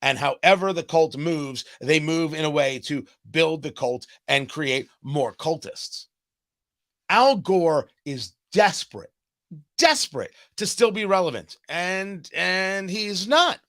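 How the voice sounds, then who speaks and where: Animated, sarcastic male talk host. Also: a little high, slow. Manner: sarcastic, animated, mocking asides. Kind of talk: political commentary monologue.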